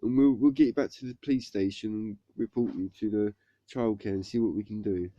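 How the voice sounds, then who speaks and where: A man's voice: lowish voice, steady tone, fairly quick, mellow, dry recording, natural voice. A man voicing a male police officer who questions a boy and then lays down the law. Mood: stern. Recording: dull lo-fi recording.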